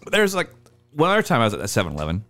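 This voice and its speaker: Animated man in his thirties telling a story. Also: racing, faint music behind. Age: 30s. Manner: animated, acts out the people in his stories with big pitch jumps; swears a lot. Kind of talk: casual storytelling.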